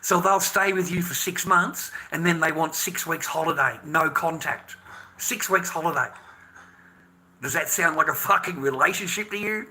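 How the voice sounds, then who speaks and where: A man in his fifties with an Australian accent rants on a livestream, swearing freely as he lectures other men. His voice sits a touch high for a man and has a hard, cutting edge. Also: moderate pace, pushed and bright. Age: 50s. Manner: heated, profane, lecturing the men in his audience. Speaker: livestreamer addressing viewers. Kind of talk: ranting livestream monologue.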